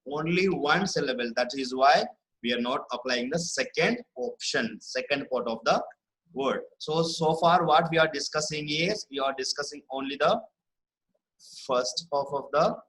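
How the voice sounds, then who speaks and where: Bright-voiced man teaching spelling rules. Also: a little high, low-quality recording. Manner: explains patiently, repeats words slowly, checks with "right?". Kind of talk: online classroom lesson.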